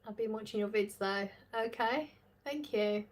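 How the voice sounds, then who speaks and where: A woman's voice: medium pitch, unhurried. A woman hosting a casual live stream, reading chat messages aloud, chatting and laughing often. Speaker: livestream host reading chat.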